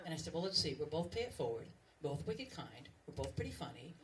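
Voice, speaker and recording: A woman's voice: low-pitched, big pitch swings, brisk. A woman in her fifties gives a joking farewell speech as the outgoing president and emcee. She mocks herself and uses a lot of fillers. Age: 50s. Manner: self-mocking and joking, with many fillers. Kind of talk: humorous farewell speech at an event. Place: large banquet room with a laughing audience. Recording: distant, noisy recording over a loud crowd.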